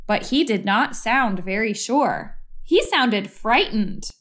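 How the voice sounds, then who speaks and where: A woman reading a children's storybook aloud in a slow, expressive, deliberate way. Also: fairly high pitch. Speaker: story reader.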